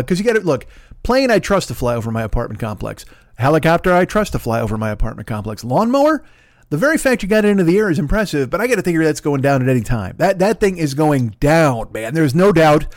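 In a mid-range voice, a man hosts a podcast from his Los Angeles home apartment, ranting in a loose, profane, rambling comedic monologue. His animated delivery comes through with no echo and clean studio sound.

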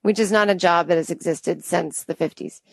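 A woman's voice: fairly low pitch, moderate pace, gravelly, dry recording. A woman in her thirties, a podcast host telling a comic story in an exasperated, rambling and self-deprecating way. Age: 30s. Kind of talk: comedic storytelling monologue.

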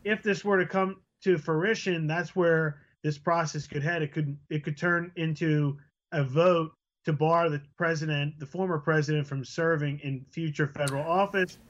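A man giving a news briefing as senior correspondent, steady and explanatory. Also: on the high side, moderate pace, muffled recording.

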